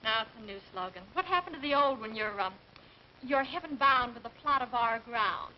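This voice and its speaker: An actress playing a teasing, dramatic young daughter, in a 1940s film. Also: female voice, fairly high pitch, very animated, fast. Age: young adult. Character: sassy young daughter embarrassed by family. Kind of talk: 1940s film comedy acting. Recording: dull 1940s film soundtrack with faint hiss.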